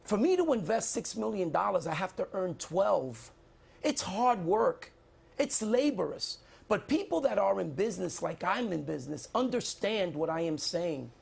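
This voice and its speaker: A man's voice: sits high, very animated, moderate pace, gravelly, slightly rough. A middle-aged man answering in a televised debate as a candidate, defensive and insistent, repeating his points.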